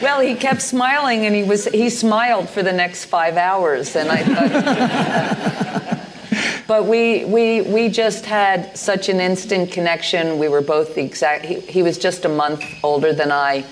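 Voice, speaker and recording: A woman's voice: lowish voice, measured pace, background noise. A woman in her sixties from the United States, a guest in a live on-stage conversation, telling stories in a meandering, hesitant way with many fillers and restarts. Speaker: interview guest, poet and artist. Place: live venue stage with an audience.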